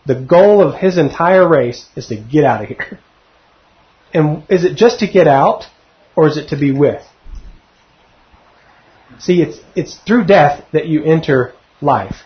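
A middle-aged man teaching verse by verse through a Bible passage, conversational and often putting questions to his listeners. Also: on the high side. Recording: dull lo-fi recording.

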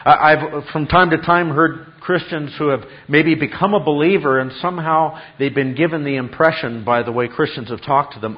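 A man's voice: fairly high pitch, moderate pace, few pauses, muffled recording. A man preaching a sermon, stressing his points through repetition and questions to the congregation. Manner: emphatic, repeats key phrases, asks the congregation questions. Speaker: pastor.

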